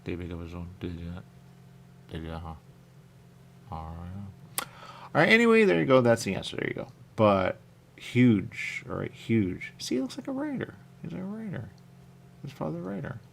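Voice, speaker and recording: Guy on talk radio rambling on, gravelly husky voice, lots of questions, pitch all over. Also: huge pitch swings, moderate pace, long pauses, slight background noise. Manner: rambling, thinks aloud with many questions. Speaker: radio show host. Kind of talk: casual talk-radio chat.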